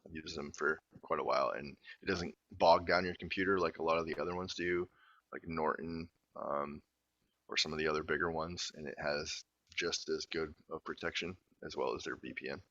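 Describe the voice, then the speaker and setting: Deep-voiced guy presenting on a zoom call, bright tone, kinda muffled audio. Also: steady tone, brisk, no echo. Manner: plain businesslike explaining. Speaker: guest presenter. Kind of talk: presentation over a video call. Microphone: video call.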